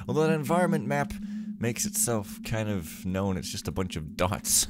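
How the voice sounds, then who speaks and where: A man's voice: on the low side, sing-song, unhurried, over loud music. A man talking to himself as he plays a stealth game, joking and rambling in loose gameplay commentary. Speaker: let's play host. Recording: clear background noise.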